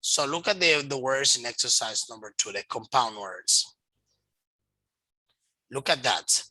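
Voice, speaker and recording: A man teaching an English lesson online, slow and patient, explaining step by step. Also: mid-range voice, lively intonation, pushed and bright, no echo, low-quality recording.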